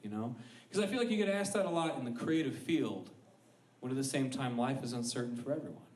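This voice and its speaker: Animated man doing stand-up. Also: medium pitch, quick pace, recorded from a distance. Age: 30s. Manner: rambling, self-deprecating storytelling with act-out voices. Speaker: stand-up comedian. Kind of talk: stand-up comedy set. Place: comedy club stage. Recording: echoey club room with ambient noise.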